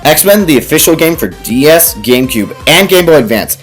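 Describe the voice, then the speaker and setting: A man's voice: fairly high pitch, very animated, moderate pace, soft background music. Sarcastic man reviewing games. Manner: dry, sarcastic asides. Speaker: game reviewer narrating. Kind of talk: comedic video narration.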